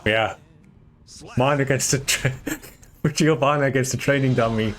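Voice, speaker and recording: A man's voice: medium pitch, fairly even intonation, unhurried, long pauses, fairly bright tone. A man calling a fighting game match live, joking and laughing along with his co-caster. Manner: jokey, laughing play-by-play. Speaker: esports commentator.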